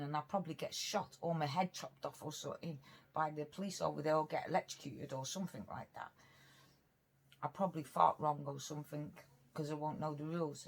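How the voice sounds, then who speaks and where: This British mukbang vlogger has a low, creaky voice. While eating on camera, she chats casually, rambling along in an earnest manner.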